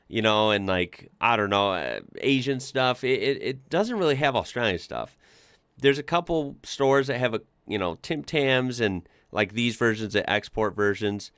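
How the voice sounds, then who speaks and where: A man's voice: mid-range voice, a bit bright, smooth, no room sound. A man hosting a casual reaction video, chatting with lots of fillers and laughing often.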